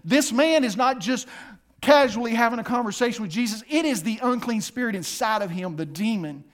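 A man preaching a sermon, dropping to a hush and then rising loud and emphatic, acting out voices as he reads scripture. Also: very high-pitched, lively intonation, brisk. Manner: swings from hushed to loud and emphatic; acts out voices while reading scripture.

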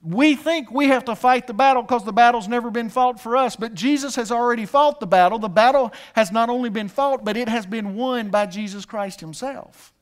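A man's voice: very high voice, fairly quick, few pauses. A male pastor preaching a sermon, calling on the congregation to repeat after him and joking between points. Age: adult with a son. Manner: preaching with call-and-response and humor.

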